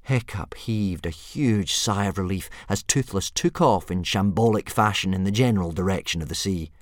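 A man reading a children's adventure story aloud with lively, animated narration. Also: low voice, normal speed, no echo, clean studio sound. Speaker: audiobook narrator.

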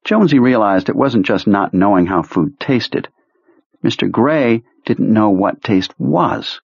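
A man reading a novel aloud in steady, measured audiobook narration. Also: lowish voice, gravelly, slightly rough, no echo. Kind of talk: scripted narration. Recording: dull lo-fi dry sound.

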